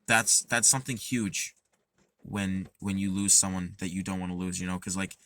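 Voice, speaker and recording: Bright-voiced man giving earnest advice. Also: low voice, level tone, moderate pace. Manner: earnest, rambling with many fillers and restarts. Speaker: podcast host. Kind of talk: casual advice talk.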